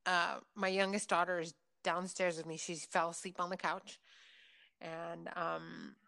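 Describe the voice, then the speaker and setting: A woman in her thirties hosting a casual chat, telling a personal story with many fillers and lively retelling. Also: fairly low pitch, unhurried, vocal fry.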